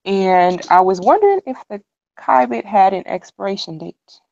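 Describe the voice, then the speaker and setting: A woman in a study group asking a question hesitantly, with many pauses and "um"s. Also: mid-range voice, big pitch swings, creaky, darkish tone, no echo, muffled recording. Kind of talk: asking a question on internet radio.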